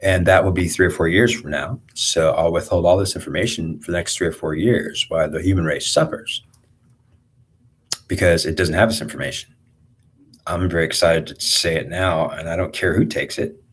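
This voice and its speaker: A man giving a rambling spiritual monologue, halting often with restarts and repeated words. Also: deep voice, fairly even intonation, husky.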